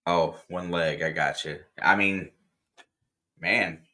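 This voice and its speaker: A man's voice: low-pitched, fairly even intonation, slow pace, bright, forceful tone. A man co-hosting a game reaction stream, giving easygoing, jokey analysis. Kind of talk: casual game analysis chat.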